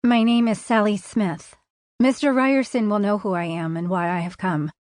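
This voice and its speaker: A woman voicing a proud, guarded young runaway heiress who speaks in a flat, put-on Midwestern American accent, formal and controlled. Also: medium pitch, normal speed, dry recording, studio quality, close to an everyday voice.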